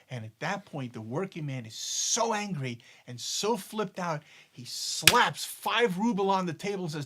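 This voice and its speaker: A man co-hosting a spiritual discussion show, casually telling jokes with a deep lesson and often repeating words as he thinks. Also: very animated, unhurried, hardly any pauses, bright, forceful tone. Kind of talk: casual storytelling chat.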